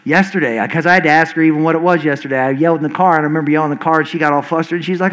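A male pastor in his forties delivers a sermon in a fairly high voice. He talks quickly and earnestly, often restarting his sentences as the words tumble out. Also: steady tone, fairly bright tone, rough recording. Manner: fast-talking, earnest, with frequent restarts.

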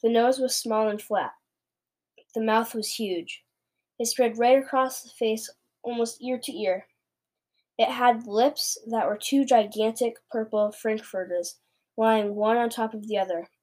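A woman reading a children's novel aloud, expressive, with small stumbles here and there. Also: a little high, a little slow. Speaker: book reader.

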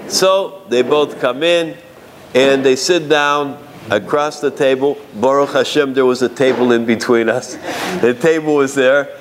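A rabbi telling a story from his own work as an arbiter, in a lively manner with asides and restarts. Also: mid-range voice, measured pace, slight background noise. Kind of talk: storytelling talk to an audience.

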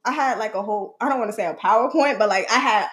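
A young woman co-hosting a casual podcast chat, telling animated stories with lots of laughter and quoted voices. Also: on the high side, quick pace. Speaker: podcast co-host.

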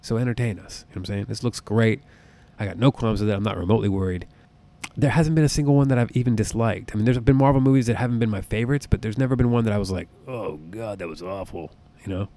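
Excitable, profane man with a low voice. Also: very fast. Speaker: podcast host. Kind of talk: casual solo podcast talk. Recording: close podcast mic.

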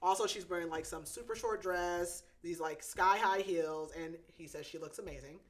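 Woman, young adult, casual podcast chat, lowish voice, chatty, filler-heavy, laughing often. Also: moderate pace. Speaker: podcast co-host. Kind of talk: casual book recap chat.

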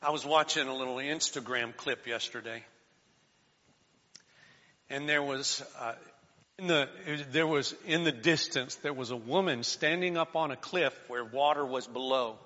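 A man preaching a sermon, calling on the congregation to respond, rising to shouts and dropping to quiet pleading. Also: medium pitch, unhurried. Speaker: pastor. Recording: dull sound in a large reverberant hall.

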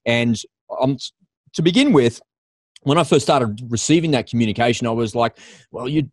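A man's voice: mid-range voice, animated, moderate pace, dry recording. Australian man, podcast host, dry close sound, upbeat casual chat over a video call.

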